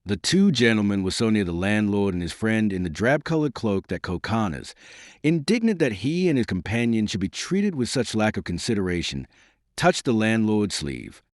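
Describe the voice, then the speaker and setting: A man narrating a classic novel as an audiobook, in a measured, descriptive reading. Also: lowish voice, big pitch swings, dry recording, studio quality.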